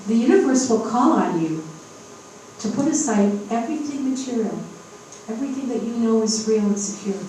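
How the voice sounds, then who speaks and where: In a hotel event room, a spiritual medium in her fifties gives an emphatic, encouraging workshop talk, often checking in with the live audience. Her fairly high voice is expressive, mellow, and a little fast, heard distantly in an echoey room with faint hiss.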